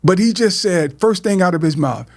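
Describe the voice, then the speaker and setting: With a high, animated voice at a moderate pace, a middle-aged man hosts a podcast and talks sincerely about his life. The heartfelt talk is full of repeated words and fresh starts.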